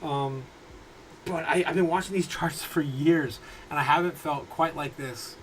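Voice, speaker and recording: A man in his thirties, voice a little high and steady in tone, hosts a relaxed crypto livestream at home. The audio is poor with a slight hiss or hum, and he wanders through viewer comments with stop-start phrasing and frequent laughter.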